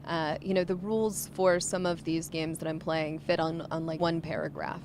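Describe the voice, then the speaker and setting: A woman's voice: deep voice, little pitch movement, moderate pace, background noise. A woman interviewed casually, speaking in a chatty way with frequent fillers. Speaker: author and larper interviewee.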